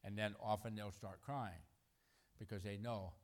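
With a lowish voice and a relaxed, unhurried pace, this middle-aged preacher keeps his sermon conversational and animated. He performs the quotes he cites and laughs softly between points.

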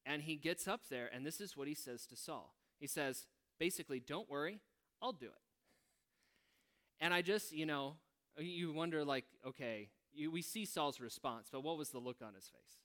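A man leading a prayer and then teaching a Bible passage in a relaxed, conversational way, musing aloud with wry asides. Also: a little high, moderate pace.

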